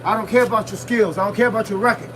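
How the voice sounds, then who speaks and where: High-voiced man coaching outdoors. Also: fairly even intonation, racing. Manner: loud, punchy motivational talk with shouted breaths. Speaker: boxing fitness coach. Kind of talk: live-streamed workout talk. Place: outdoors in freezing wind. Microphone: phone camera set at a distance. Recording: distant phone mic with wind noise.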